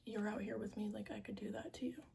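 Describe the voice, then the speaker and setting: A woman quoting a young man on a first date in her own voice, casual and low-key. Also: level tone, fast talker, gravelly, warm tone, a little hiss or hum. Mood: offhand.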